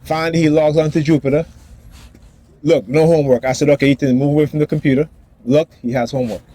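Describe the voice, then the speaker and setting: Agitated man ranting outdoors, fairly high voice. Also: fairly even intonation, fast, warm tone. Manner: agitated, repetitive, acts out quoted dialogue. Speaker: father vlogger. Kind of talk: ranting personal vlog. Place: outdoors near a building and street traffic.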